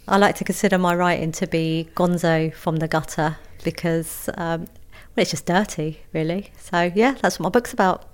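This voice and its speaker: A woman's voice: fairly low pitch, moderate pace. A woman, talking frankly and animatedly as an interview guest. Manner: frank, animated, laughing easily. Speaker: guest, author. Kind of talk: interview conversation.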